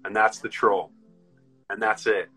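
A man's voice: on the low side, steady tone, unhurried, sharp tone, husky, faint music behind, rough recording. An American man hosting a casual chat, telling a rambling story and acting out the voices of the people in it. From United States.

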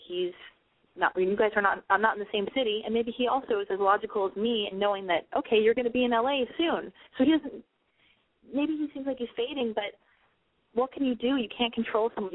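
A woman's voice: mid-range voice, no room sound. A young woman hosting a call-in advice show, talking bluntly with lots of swearing and rambling asides. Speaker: call-in radio advice host. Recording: phone-line quality, dry.

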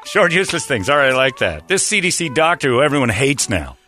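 A man's voice: medium pitch, big pitch swings, fast, bright, forceful tone, faint music behind. A man hosting a radio quiz game, brash and joking as he reads clues and banters. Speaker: radio show host running a quiz game.

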